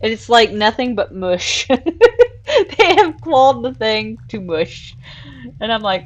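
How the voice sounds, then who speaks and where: A woman with a somewhat high voice hosts a casual live stream, talking unhurriedly as she builds in a virtual world. She chats, giggles often, and coos at her cats between tasks. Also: expressive, unhurried. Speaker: streamer and show host.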